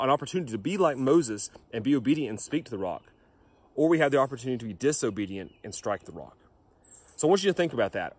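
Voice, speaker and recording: A young man with a fairly low voice delivers a youth devotion. He reads scripture and then speaks earnestly to his listeners, often stumbling and restarting his sentences. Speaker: youth pastor. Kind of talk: home-recorded youth devotion.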